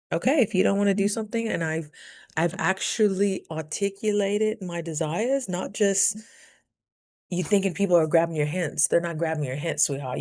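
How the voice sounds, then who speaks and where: Woman vlogger, low gravelly voice, chatty and candid, motivational. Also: a little mellow. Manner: candid, chatty, motivational, lots of "you know". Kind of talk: casual vlog talk to camera.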